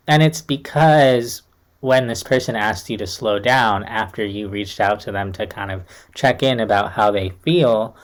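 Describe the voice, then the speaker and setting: A young man giving a casual, reassuring tarot reading to camera, talking in a loose, chatty way full of fillers. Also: mid-range voice. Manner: chatty, reassuring, uses many fillers like "like" and "kind of". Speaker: tarot reader.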